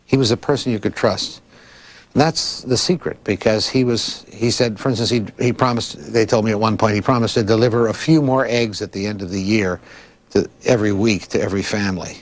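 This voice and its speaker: A man's voice: on the low side, fairly even intonation, brisk. A man in his sixties from Philadelphia, giving long, thoughtful and digressive interview answers as a librarian, with frequent restarts. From Philadelphia, United States. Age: 60s.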